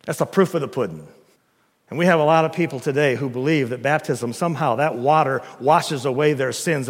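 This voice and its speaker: A man preaching a sermon in an emphatic, animated way, asking the listeners rhetorical questions. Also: high voice, big-room sound.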